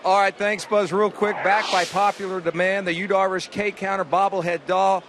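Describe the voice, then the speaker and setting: A male broadcaster giving a quick, chatty promotional read. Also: high-pitched, little pitch movement, noisy background.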